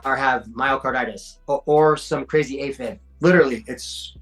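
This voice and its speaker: A podcast guest in his forties tells stories in casual chat, using slang and swearing and acting out quotes. His medium-pitched voice has a fairly bright tone and normal speed. Faint music plays behind him, and the audio is poor.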